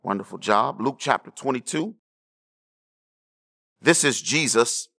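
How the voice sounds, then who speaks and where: A man preaching a sermon, checking in with the congregation and swinging between hushed low lines and raised emphatic ones. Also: animated, measured pace, gravelly. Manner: preaching with call-and-response asides to the congregation. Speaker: pastor.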